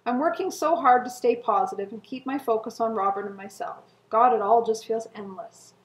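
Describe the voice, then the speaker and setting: A woman's voice: fairly high pitch, normal speed. Earnest middle-aged woman, echoey room. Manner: earnest and emotional, with soft laughs and sighs. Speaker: co-host. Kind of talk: reading old journal entries aloud, casual chat.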